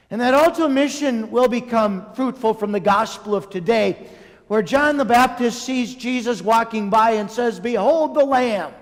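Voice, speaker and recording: A man's voice: high voice, expressive, normal speed. A man preaching a homily in a conversational way, speaking directly to his congregation. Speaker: priest. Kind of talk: sermon. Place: large church. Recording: long church reverb.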